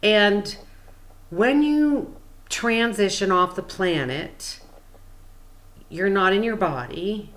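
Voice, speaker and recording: A woman's voice: mid-range voice, animated, slow pace, pauses often, fairly bright tone. A woman spiritual coach explaining things in a casual, meandering, chatty way with frequent fillers.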